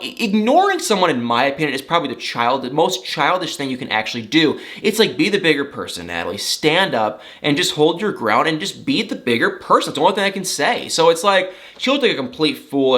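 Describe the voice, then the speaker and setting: Animated, bright-voiced male gossip commentator. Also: fairly high pitch. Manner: opinionated, animated retelling with quoted asides. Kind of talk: casual reality-TV recap.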